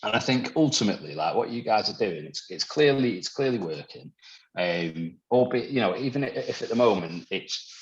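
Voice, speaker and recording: A man with a very low voice, talking as a guest on a casual podcast. He rambles, swears freely and laughs easily. The recording sounds dull and lo-fi. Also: animated, normal speed.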